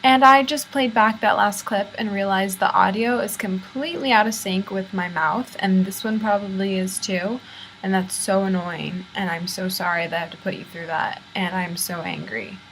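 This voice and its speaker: A woman's voice: medium pitch, moderate pace, fairly bright tone, a little hiss or hum, low-quality recording. Chatty American young woman vlogging. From United States. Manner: chatty, exasperated ranting. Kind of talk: casual vlog talk. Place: university room. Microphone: laptop built-in camera mic.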